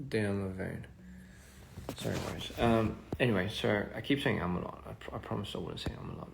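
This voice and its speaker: Soft-spoken man with a gravelly low voice. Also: normal speed, a little hiss or hum. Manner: rambling, trails off, soft-spoken asides. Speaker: livestream host reading fan comments. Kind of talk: casual livestream chat. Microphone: phone.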